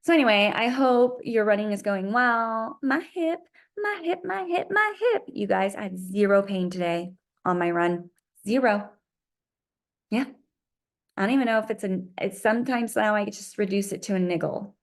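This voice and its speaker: A woman talking casually to camera in a running vlog, chatty and animated, filling her stories with "like" and "um". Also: mid-range voice, normal speed. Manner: chatty, animated storytelling with many fillers. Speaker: running vlogger.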